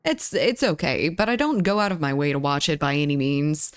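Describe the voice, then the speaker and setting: A young adult woman casually chatting on a live stream, greeting viewers and reading chat, her voice a little rough. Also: deep voice, brisk, no echo, clean studio sound. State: slightly rough voice.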